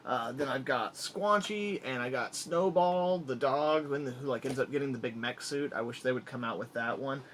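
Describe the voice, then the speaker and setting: A man's voice: mid-range voice, normal speed, few pauses, fairly bright tone, slight background noise. A man in a casual vlog, enthusiastically rambling as he rattles off items from his collection one after another.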